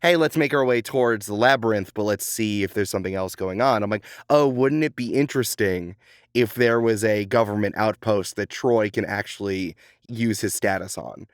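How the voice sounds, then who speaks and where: A man's voice: on the low side, moderate pace, clear, resonant tone, no echo, studio quality. Easygoing man, game master. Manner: easygoing, laughs often. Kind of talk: casual chat.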